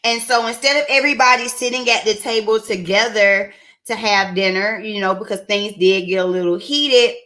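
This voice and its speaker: Bright-voiced sassy woman recapping. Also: mid-range voice, normal speed. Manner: chatty, sassy and candid. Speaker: reality TV reviewer. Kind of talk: casual recap commentary.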